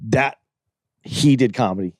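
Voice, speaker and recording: A laid-back man chats on a podcast in a halting way, often trailing off mid-thought. His voice sits in a middle register and is recorded dry and close. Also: medium pitch, darkish tone, no room sound. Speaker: podcast co-host. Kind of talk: casual chat.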